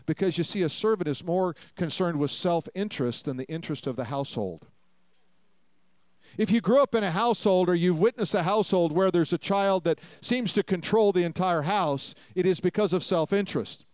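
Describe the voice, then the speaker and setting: Guy preaching a sermon, kinda high clear voice, reads verses then hammers the point home. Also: fairly quick, a little mellow, no echo. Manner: reads scripture aloud and expounds with emphatic repetition.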